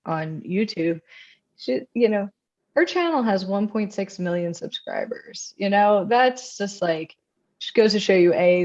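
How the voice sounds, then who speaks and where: Chatty low-voiced woman, lo-fi sound. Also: darkish tone. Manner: chatty, many fillers, acts out quoted voices. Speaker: guest author. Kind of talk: casual conversation. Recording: dull lo-fi sound.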